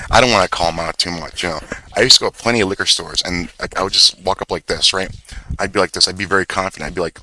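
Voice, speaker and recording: In a rough recording, a young man's low, pushed, bright voice carries a profane, wandering story told casually as a vlogger while sharing his screen, full of filler words and self-corrections.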